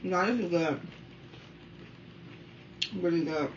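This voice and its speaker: A woman in her thirties from the Washington, D.C. area, chatting casually while eating on camera at home and keeping up a steady stream of remarks to her viewers. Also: lowish voice, takes it slowly. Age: 30s. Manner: talkative, keeps addressing viewers as y'all. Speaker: mukbang vlogger. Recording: dull, slightly distant sound with faint room noise.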